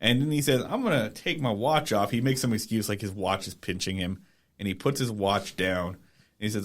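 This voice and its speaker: A man's voice: on the low side, moderate pace. A man co-hosting a podcast, chatting casually about a TV episode with wry asides and some swearing. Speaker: podcast co-host. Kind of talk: casual comedic chat recapping a TV episode.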